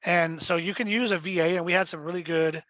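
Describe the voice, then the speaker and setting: A real estate sales trainer coaches agents in a live webinar, blunt and emphatic, often checking in with his listeners. His voice sits high, with a steady, fairly bright tone and a fast pace; the audio is dull but has no echo.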